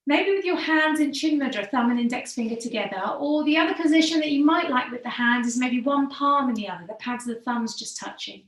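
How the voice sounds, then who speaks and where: Calm female yoga teacher, slightly high voice, soft, unhurried cues, recorded at a distance in a roomy space. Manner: calm, slow and soothing, drops to soft low guidance. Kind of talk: guided yoga breathing instruction. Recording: echoey room, from far off the mic.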